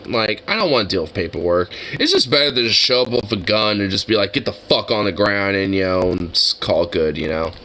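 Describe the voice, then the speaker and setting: A man's voice: on the low side, very animated, a little fast, hardly any pauses, sharp tone, a little hiss or hum, low-quality recording. A man reacting to a video with casual, profane, exasperated commentary full of fillers.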